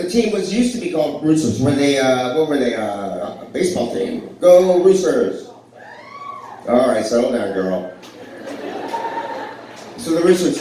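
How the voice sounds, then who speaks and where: Performing live stand-up storytelling at a blues club, a comic in his forties rambles through self-deprecating stories and chats with the audience. He speaks at an ordinary middle pitch in a slightly mellow voice, heard very distant and echoey, with a faint room murmur and slight background noise.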